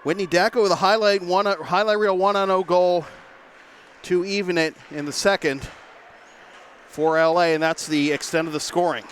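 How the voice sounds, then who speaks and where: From a rink press box, a high-voiced man calls a hockey game play-by-play, a little out of breath at the start. His live commentary is quick and energetic, and a faint hiss or hum sits under the recording.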